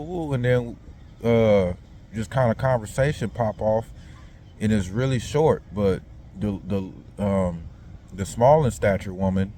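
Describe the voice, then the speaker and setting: A man's voice: lowish voice, dark tone, a little hiss or hum. A man casually recounting a dream in a rambling, slang-heavy monologue full of fillers.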